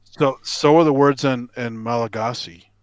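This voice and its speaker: A man's voice: medium pitch, moderate pace. A man chatting casually on a call, telling stories and jokingly mimicking regional accents. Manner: animated storyteller, mimics other accents for fun. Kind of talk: casual chat.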